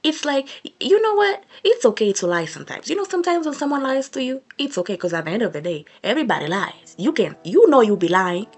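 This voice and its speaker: A woman's voice: on the high side, big pitch swings, quick pace, hardly any pauses, slightly rough, faint music behind. A young woman vlogger giving a sassy, emphatic storytime rant to camera, repeating her points for effect.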